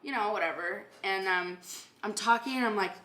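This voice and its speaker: A woman's voice: medium pitch, moderate pace, bright, forceful tone, echoey room. A woman hosting a podcast who tells stories bluntly and swears a lot. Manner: blunt storytelling, heavy swearing. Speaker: podcast host and renovation company owner. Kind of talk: casual podcast chat.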